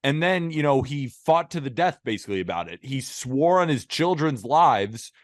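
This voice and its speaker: Podcast cohost guy, heated and ranty, really lively pitch, dry close sound. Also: moderate pace, dry recording. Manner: heated, emphatic ranting, building up. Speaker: co-host. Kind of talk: casual sports podcast chat.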